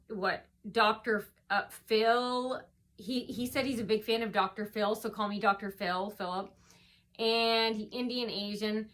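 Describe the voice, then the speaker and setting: A woman's voice: a little high, pushed and bright. A woman vlogger telling a story in a casual, rambling monologue, full of ums and restarts, recorded indoors at home.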